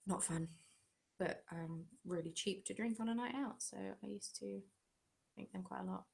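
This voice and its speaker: A woman's voice: medium pitch, normal speed, gravelly, darkish tone. A woman from England hosting a casual live-stream chat at home, answering viewer comments in a chatty, self-deprecating way. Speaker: craft channel host.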